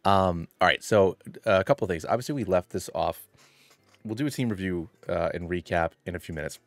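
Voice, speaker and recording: A man's voice: low-pitched, a little fast, vocal fry, no room sound. A man streaming a video game, chatting playfully and greeting his chat by name. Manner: hushed and quiet at first.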